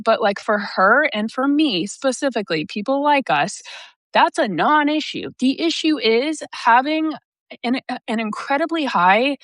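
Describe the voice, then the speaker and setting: A woman's voice: sits high, animated, a little slow, fairly bright tone, no room sound. A young woman who works as an intuitive reader, talking casually and at length to her audience, rambling, swearing and using lots of fillers. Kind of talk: casual monologue to camera.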